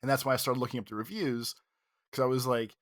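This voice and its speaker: A man in casual podcast chat who tells a story with animated, profanity-laced energy and acts out the quotes. His mid-range voice is close to the mic and dry, with no room sound. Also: mid-range voice, fast, no room sound. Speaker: podcast co-host.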